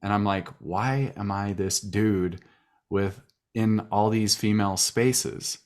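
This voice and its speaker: A man speaking in a halting, reflective way in a podcast conversation. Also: lowish voice, steady tone, darkish tone.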